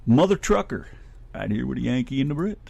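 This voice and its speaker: A man's voice: mid-range voice, very animated, fairly quick, gravelly, darkish tone, husky. A middle-aged man from Ohio with a Midwestern American accent, co-hosting a radio show in rambling, casually profane chat.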